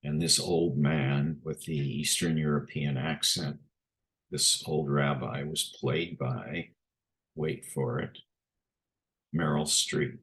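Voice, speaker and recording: A man giving an unhurried presentation with pictures, often pausing on filler sounds. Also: a bass voice, steady tone, a bit bright.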